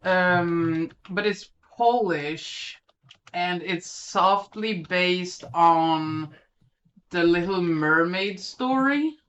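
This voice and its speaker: Slow, lisping podcast co-host. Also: medium pitch, fairly bright tone, lo-fi sound. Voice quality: lisp. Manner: hesitant, lots of ums. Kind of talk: casual film chat.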